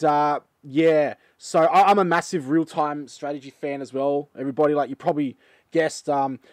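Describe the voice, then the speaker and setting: A man's voice: on the high side, dry recording. Rambling Australian man, dry close mic. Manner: rambling, filler-heavy and excitable. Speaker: channel host. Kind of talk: casual chat reacting to a game trailer.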